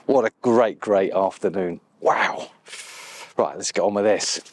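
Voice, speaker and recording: A man's voice: low voice, unhurried. A man filming an outdoor photography vlog beside a loch, talking enthusiastically and at times dropping to a whisper. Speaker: landscape photographer.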